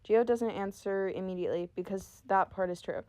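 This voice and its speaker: A woman reading a story she is writing out loud at home, in a casual, self-amused way. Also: mid-range voice, steady tone, normal speed. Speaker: amateur storyteller. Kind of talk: reading her own story aloud.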